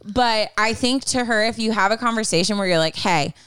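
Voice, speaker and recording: A young woman speaks in a candid, chatty way and fills her advice with likes and ums. Her voice is very smooth and resonant. The recording is dry and close, with no room around her. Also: fairly high pitch, fairly quick, fairly bright tone, dry recording. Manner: candid, chatty, many fillers. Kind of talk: casual advice chat.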